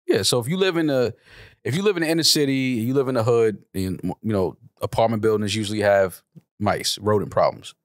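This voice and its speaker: A man co-hosting a podcast in loud, animated banter, swearing often. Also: fairly low pitch, brisk, dry recording, studio quality. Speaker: podcast co-host.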